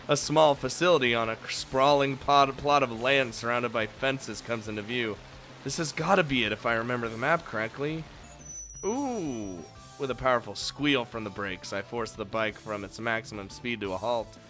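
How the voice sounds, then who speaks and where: A man with a bright, forward voice reads the game's narration aloud, then breaks off into wisecracks, curses and laughter. His pitch sits in an ordinary middle range, and faint game music plays under him. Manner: jokey, swearing, laughing asides. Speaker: let's play host. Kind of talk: reading a visual novel aloud with commentary.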